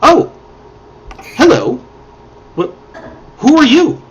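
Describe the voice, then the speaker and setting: A man voicing a timid, scatterbrained woman mage who talks to her toad in a hushed, halting, stammering way. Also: high voice, very animated, dull audio, a crowd in the background. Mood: whispering.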